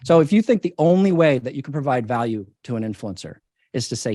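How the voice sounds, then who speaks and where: A man's voice: medium pitch, lively intonation, fast talker, mellow, no echo. A man who is a company CEO answers interview questions with punchy, persuasive emphasis and keeps repeating his main points. His voice sits in a middle range and sounds dry and close to the mic.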